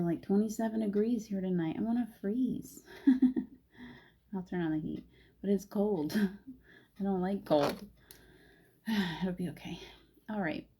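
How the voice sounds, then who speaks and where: A woman's voice: fairly low pitch, mellow, husky. A woman hosting a chatty spiritual live stream and guiding a meditation, laughing often. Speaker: spiritual host.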